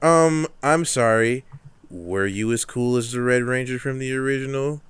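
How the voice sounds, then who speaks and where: A man's voice: mid-range voice, moderate pace, a bit bright, smooth. A man in casual chat, blunt and profane, arguing in banter.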